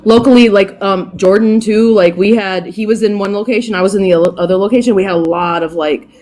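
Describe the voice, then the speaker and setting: Animated, profane woman telling a story. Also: mid-range voice, brisk. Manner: animated, profane, laughs often. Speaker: podcast guest, dog groomer. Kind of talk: casual storytelling.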